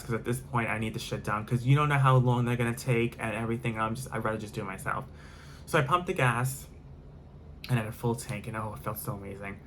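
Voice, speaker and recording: A man's voice: medium pitch, fast talker, a bit bright, slight background noise. A man telling a storytime vlog in a rambling way, full of fillers and repetition, with casual swearing. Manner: rambling, filler-heavy, repeats himself, swears. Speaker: vlogger.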